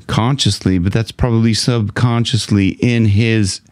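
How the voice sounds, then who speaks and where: Slow, smooth-voiced male vocal coach. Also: fairly low pitch, fairly even intonation, darkish tone, no echo. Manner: laid-back, rambling explanations with frequent throat clearing. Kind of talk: casual singing lesson with sung demonstrations.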